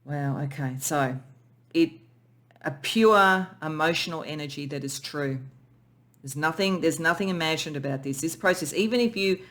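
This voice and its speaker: Speaking at a moderate pace and middle pitch, a tarot reader gently guides a pick-a-pile reading in a soft, spiritual way. Moved close to tears, she often restarts sentences while searching for words.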